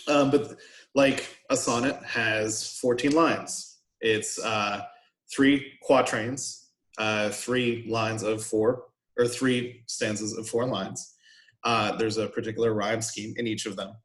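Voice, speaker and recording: A man's voice: fairly low pitch, steady tone, takes it slowly, a bit bright. A man teaching a college poetry class in an informal recorded lecture, explaining patiently with frequent "um"s and "right?" asides. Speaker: college instructor.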